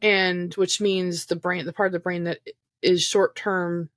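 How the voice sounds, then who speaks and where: A woman's voice: lowish voice, flat delivery, a little slow, no room sound. A woman co-hosting a recovery podcast over a remote call, talking things through in a reflective, rambling way with fillers. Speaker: podcast co-host. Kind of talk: casual podcast chat about trauma recovery.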